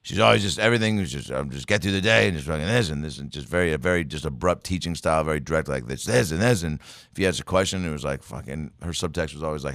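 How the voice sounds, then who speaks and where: A man from Seattle, a comedian guest telling profane, lively stories in a studio chat, full of swearing and teacher impressions. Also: a bass voice, fast talker, no echo. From Seattle, USA. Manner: profane, animated storytelling with impressions. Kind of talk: casual storytelling chat.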